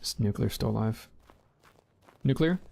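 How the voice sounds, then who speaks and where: A man's voice: medium pitch, fast, gravelly, a little mellow. A man streaming a war game, chatting casually, swearing, and giving squad orders over voice chat.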